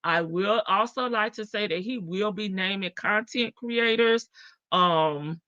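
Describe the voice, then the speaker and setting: A woman's voice: mid-range voice, unhurried, bright, forceful tone, dry recording. A woman hosting a casual live stream, talking in a sassy, brash way, swearing freely and laughing often. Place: home in Las Vegas. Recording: dull lo-fi stream audio.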